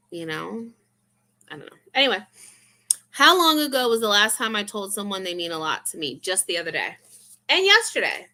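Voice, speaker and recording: A woman's voice: mid-range voice, bright, forceful tone. A young woman vlogger in casual, rambling, confessional chat full of fillers.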